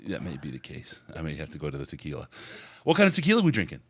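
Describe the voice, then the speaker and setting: A man's voice: extremely low pitch, wildly swooping pitch, rapid-fire. A middle-aged man hosting a casual sports podcast, chatty and laughing often. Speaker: podcast host.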